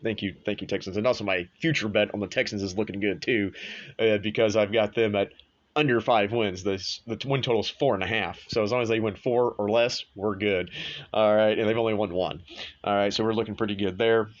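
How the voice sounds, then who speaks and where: A man with a lowish voice runs a casual sports show, blunt and quick to swear, tossing off offhand asides as he goes. The sound is a little dull and lo-fi. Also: steady tone. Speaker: sports podcast host. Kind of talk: casual sports and betting talk.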